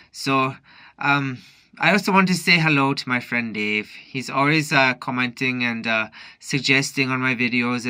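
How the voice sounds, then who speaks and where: A man's voice: mid-range voice, pushed and bright. A drunk man rambling through a late-night monologue in a put-on Irish accent that drifts toward Newfoundland, full of restarts. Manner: rambling, halting, with many restarts. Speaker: vlogger.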